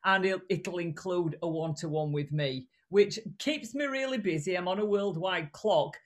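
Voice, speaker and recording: A woman's voice: lowish voice, normal speed. Blunt, chatty woman with a regional British accent. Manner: animated, blunt, chatty with restarts. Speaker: guest, voice and communication coach. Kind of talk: casual remote interview.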